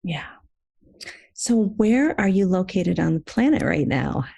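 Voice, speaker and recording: Woman podcast host, gravelly low voice, gentle encouraging interviewer. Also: big pitch swings, unhurried. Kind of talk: casual interview.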